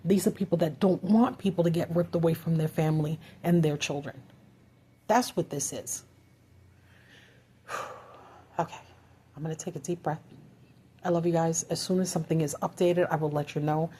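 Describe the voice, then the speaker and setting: A woman's voice: sits low, steady tone, normal speed, pauses often, warm tone, slight background noise. A woman vlogger delivering an urgent, frustrated rant to her viewers, full of rhetorical questions and swearing. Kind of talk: impassioned political rant.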